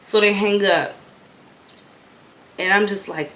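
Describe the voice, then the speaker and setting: A woman's voice: mid-range voice, slow pace, long pauses. A young woman vlogger telling a casual storytime, chatty and full of slang, building to exasperated outbursts. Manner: animated and conversational, with slang, rising into exasperated outbursts. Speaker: vlog host.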